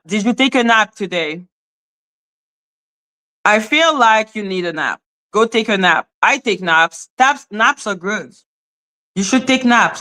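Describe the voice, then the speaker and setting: Woman, casual stream host, raised pitch, sharp bright tone, profane and scolding. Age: adult, former high school teacher. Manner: blunt, profane and sassy, scolding the chat; big swings between high exclaims and low asides. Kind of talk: casual live-stream commentary.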